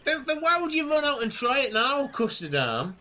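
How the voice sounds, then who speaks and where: A man's voice: very high voice, big pitch swings, moderate pace, pushed and bright. A man in improvised comedy role-play, sarcastic and mocking.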